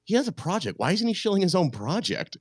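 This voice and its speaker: A man telling stories on a casual podcast, excitable and loud, swearing freely. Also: sits high, fast, no echo. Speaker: podcast guest host.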